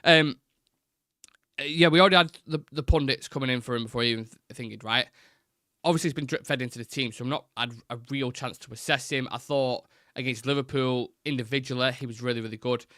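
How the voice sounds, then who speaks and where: Chatty fan show host. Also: male voice, mid-range voice, fast talker, bright, forceful tone, dry recording, studio quality. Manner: chatty, rambling opinions, frequent restarts and fillers. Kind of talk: live fan talk show, answering viewer comments.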